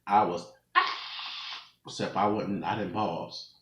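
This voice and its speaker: A man in his twenties tells a long, rambling story to his viewers and laughs often as he goes. His voice sits a bit low but sounds bright and forward. He talks slowly, and the room around him echoes. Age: 20s. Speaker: mukbang vlogger. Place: room at home.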